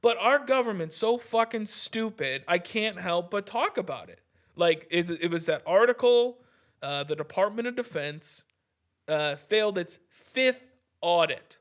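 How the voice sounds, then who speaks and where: A man's voice: high voice, lively intonation, unhurried, a bit bright. A young man hosting his own podcast, ranting heatedly and swearing a lot, often restarting sentences and tossing in "dude.". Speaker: podcast host. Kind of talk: casual ranting podcast monologue.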